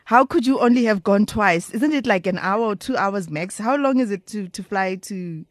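A woman's voice: medium pitch, expressive, no room sound, studio quality. A woman hosting a casual chat, asking curious questions and teasing her guest. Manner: inquisitive, teasing, quick to laugh.

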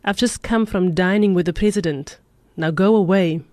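A woman voicing a gruff, bitter homeless old man who growls and answers with sarcasm. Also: lowish voice, moderate pace, a little mellow, no room sound, clean studio sound, lightly acted. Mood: angry.

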